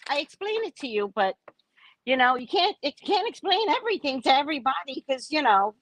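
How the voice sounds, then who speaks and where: A woman hosting a casual livestream, talking in an animated, theatrical way and acting out the people she quotes. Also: high voice, brisk, no room sound. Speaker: psychic livestream host.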